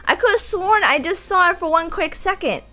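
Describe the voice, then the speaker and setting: A woman streamer in casual live-stream chat, slightly hoarse, giggling and chatting with her viewers. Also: extremely high pitch, expressive, brisk, sharp tone.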